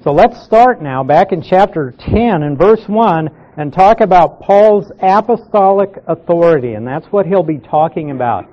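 A pastor teaching a Bible class, explaining verses slowly and repeating key words for emphasis. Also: male voice, sits high, expressive. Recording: dull lo-fi sound.

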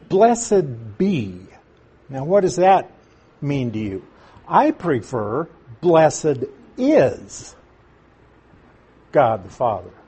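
A man teaching through a Bible passage verse by verse, slowing down to stress key words and asking his listeners questions. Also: mid-range voice, darkish tone, slightly rough. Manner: asks the audience questions.

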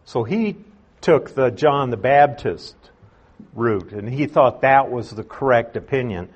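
A man teaching a verse-by-verse Bible study in an unhurried, conversational way, explaining and restating his points. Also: medium pitch, expressive, slightly rough, dull audio.

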